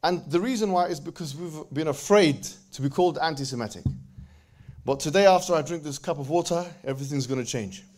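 Man, preacher, joking lecture, fairly high voice, very fast delivery. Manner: animated, fast, recites scripture in quick bursts.

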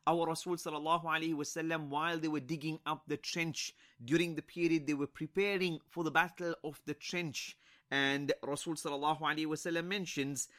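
A man with a slightly high, fairly bright voice teaches an Arabic grammar lesson in English. He speaks slowly and deliberately, repeating each example and weaving Arabic words and religious phrases into his explanations.

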